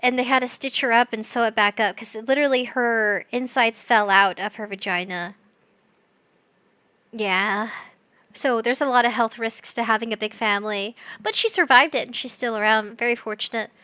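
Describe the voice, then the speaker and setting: A young woman chats on a live stream in a giggly, scatterbrained rush. Her voice sits high and sounds bright and sharp. She is recorded close and dry, with no room around her. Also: moderate pace, smooth, no room sound. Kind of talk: casual live-stream chat.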